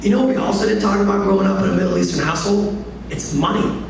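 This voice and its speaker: Comic in his thirties, stand-up set, animated delivery; distant, roomy club recording with room noise. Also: high-pitched, quick pace, vocal fry. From Canada. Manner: animated, joking, building to loud punchlines. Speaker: stand-up comedian. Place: comedy club stage. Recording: echoey club recorded from afar.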